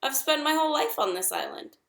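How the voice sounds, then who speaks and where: Woman doing a brisk, polite robot. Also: high voice, expressive, a bit bright, echoey room, voice pushed up. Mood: calm. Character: calm, polite female robot.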